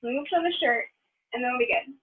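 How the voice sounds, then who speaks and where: A woman organizing a group video call, relaxed and laughing easily, trailing off her sentences. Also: high-pitched, racing, a little hiss or hum. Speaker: meeting organizer. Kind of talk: casual video-call chat. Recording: tinny phone-like audio.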